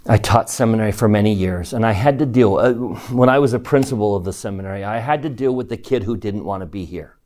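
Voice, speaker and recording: A middle-aged man teaching a scripture lesson in a classroom, animated and emphatic, putting questions to his class. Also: fairly low pitch, quick pace, few pauses.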